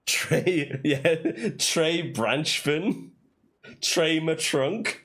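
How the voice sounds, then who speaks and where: Slow, musing man sounding out words. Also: on the high side, a bit bright. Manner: thinks aloud, sounds out invented words. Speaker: streamer playing a puzzle game. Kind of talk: casual let's-play commentary.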